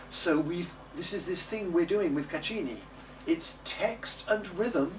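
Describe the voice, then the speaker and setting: A music teacher leads a singing class in a classroom or studio, coaxing his students and singing phrases to demonstrate them. His voice is a little high, pushed and bright. The mic is distant and there's background noise.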